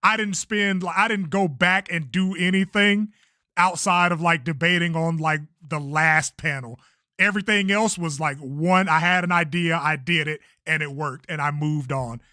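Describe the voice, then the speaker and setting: A man's voice: fairly high pitch, fairly even intonation, normal speed, pushed and bright, no echo, clean studio sound. A young man chatting casually on a livestream about his own video, laid-back and swearing freely. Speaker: streamer and creator.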